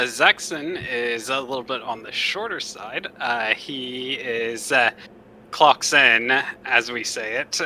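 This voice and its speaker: A man playing a tabletop game, describing his character in a dry, deliberate way. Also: medium pitch, pushed and bright, slight background noise, poor audio. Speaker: player.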